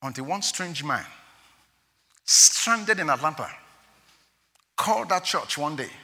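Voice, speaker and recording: A man preaching a sermon as a pastor, animated and exclaiming as he tells stories, often laughing. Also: a little high, slow pace. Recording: long hall reverb.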